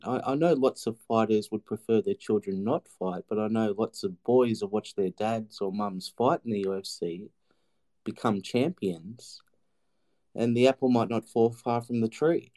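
A man's voice: on the low side, expressive, a little slow, warm tone. A man with an Australian accent calling in to a talk show, chatty and friendly, saying "mate" a lot. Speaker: caller. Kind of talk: casual call-in chat.

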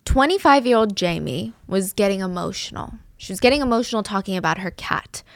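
A woman's voice: medium pitch, animated, fairly quick, vocal fry, no echo. A woman podcast host narrating a true-crime story in a casual, chatty way.

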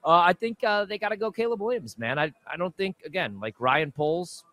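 A man's voice: high voice, animated, brisk, bright, forceful tone. A man co-hosting sports talk radio in a loose, casual way, hedging with "I mean" and "man".

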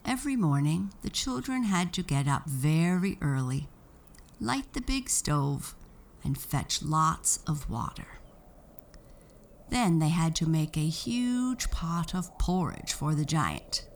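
A woman reading a children's story aloud in a slow, expressive storytelling manner. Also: low-pitched, a little hiss or hum.

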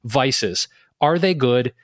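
A man's voice: medium pitch, expressive, slow pace, dry recording, studio quality. A man hosting a casual podcast interview, asking long, rambling questions. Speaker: podcast host.

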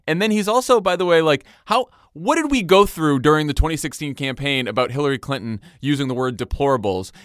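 A man's voice: on the high side, animated, brisk, few pauses, fairly bright tone, no room sound, studio quality. Indignant profane man hosting a podcast. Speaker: podcast host. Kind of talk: casual political chat.

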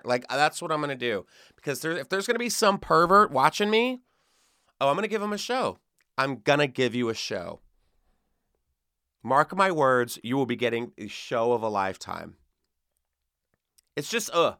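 Joking podcast guy with a smooth voice. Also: lively intonation, moderate pace, sharp tone, dry recording, clean studio sound. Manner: playful, jokey, jumps into squeaky high voices for gags. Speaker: podcast co-host. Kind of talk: comedic podcast chat.

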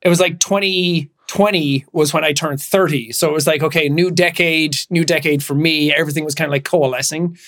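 A man's voice: a little high, steady tone, a little fast, few pauses, fairly bright tone. Joking man in his thirties. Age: 30s. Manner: joking, laughs often. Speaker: podcast co-host. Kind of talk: casual chat.

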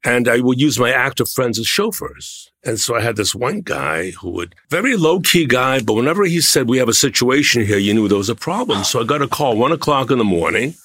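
An older male guest spins long, flowing anecdotes, his pitch swinging widely as he goes. The recording is close and dry with no room sound. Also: very animated, a little fast, hardly any pauses, fairly bright tone, slightly rough, no echo. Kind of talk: anecdotal storytelling.

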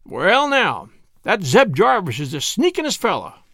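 A man's voice: sits high, huge pitch swings, measured pace, pushed and bright, no room sound, heavily acted. A sly old cobbler from a storybook with a lazy, drawling country dialect, as a male reader puts him on. The voice lifts and dips freely and is heard up close and dry.

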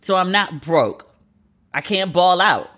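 A podcast host in their thirties, venting in a casual, animated and profane solo monologue. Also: mid-range voice, takes it slowly.

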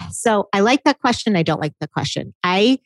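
A woman co-hosting a casual chat, an animated storyteller who laughs often. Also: mid-range voice, moderate pace, dry recording. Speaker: podcast co-host.

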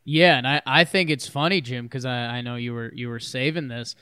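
A man co-hosting a podcast, chatting casually about baseball, playful and quick to laugh, correcting himself as he goes. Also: mid-range voice, pushed and bright, clear, resonant tone, no room sound. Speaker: podcast co-host. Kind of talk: casual sports chat.

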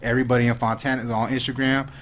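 A man's voice: mid-range voice, racing, a little hiss or hum. Laid-back slang-heavy man chatting. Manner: laid-back street slang, animated when excited. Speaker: social media creator, podcast guest. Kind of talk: casual podcast chat.

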